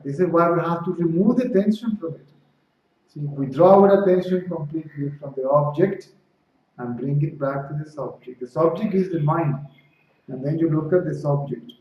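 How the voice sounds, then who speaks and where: A man giving a spiritual talk to a small group, speaking conversationally and often checking in with his listeners. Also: on the high side. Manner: conversational, frequent "right?" and "see?" checks; acts out dialogue in stories. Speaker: spiritual teacher. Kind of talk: satsang talk to a small audience. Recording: distant echoey room, dull lo-fi with faint noise.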